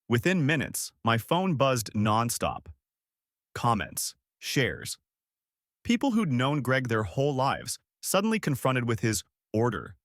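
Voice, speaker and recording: Man narrating a dramatic story, lively. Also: mid-range voice, dry recording, studio quality. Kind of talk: scripted first-person story narration.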